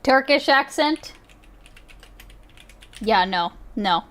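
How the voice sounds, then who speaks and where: Slow-talking laughing woman streamer. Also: high-pitched, animated, a bit bright. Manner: laughing, chatty, quick to react. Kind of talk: casual reaction commentary.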